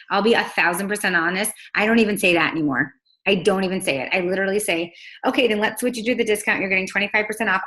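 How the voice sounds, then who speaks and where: A woman's voice: medium pitch, pushed and bright. Chatty, emphatic young woman coaching. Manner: fast, chatty, emphatic, full of "like" and acted-out quotes. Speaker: team coach on a call. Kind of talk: casual coaching call.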